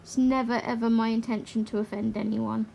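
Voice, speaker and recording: A woman with a fairly high, level voice, a dark tone and some vocal fry hosts a colouring livestream. She chats casually as she works, rambling a little and laughing easily. There's slight background noise.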